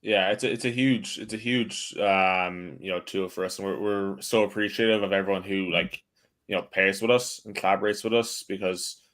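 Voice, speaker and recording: A man's voice: low-pitched, steady tone, moderate pace, a bit bright. A man, a distillery guest talking about his whiskey in an easygoing, hesitant way. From Ireland. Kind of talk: casual tasting chat.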